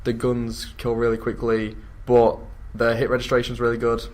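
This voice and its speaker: Young man, relaxed and casual. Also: mid-range voice, moderate pace. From England. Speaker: interviewee. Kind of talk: casual chat.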